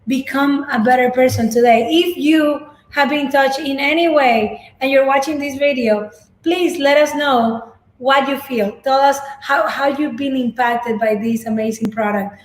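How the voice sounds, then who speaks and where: A woman's voice: high-pitched, a little slow, reverberant, rough recording. A woman co-hosting a casual video at home, speaking earnestly and gratefully to viewers. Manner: earnest, grateful, repeats herself. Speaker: co-host.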